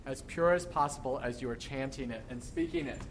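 A man working as a choir director, teaching a rehearsal in an energetic, encouraging way and demonstrating lines by chanting and singing them. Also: medium pitch, brisk. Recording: echoey room with background noise.

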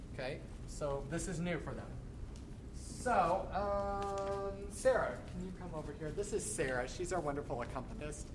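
A man working as a choir director, teaching a rehearsal in an energetic, encouraging way and demonstrating lines by chanting and singing them. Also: on the high side. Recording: echoey room with background noise.

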